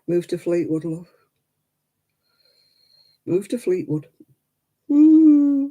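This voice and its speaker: Chatty older woman, husky. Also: lowish voice, sing-song, drawn-out words, pauses often, dark tone. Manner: chatty, rambling, laughs often, talks to viewers by name. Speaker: livestream host. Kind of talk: casual live-chat crafting stream.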